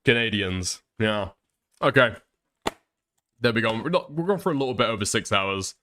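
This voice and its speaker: A man's voice: lowish voice, animated, normal speed, pushed and bright, slight background noise. A male livestream host giving crude, incredulous reaction commentary and swearing heavily.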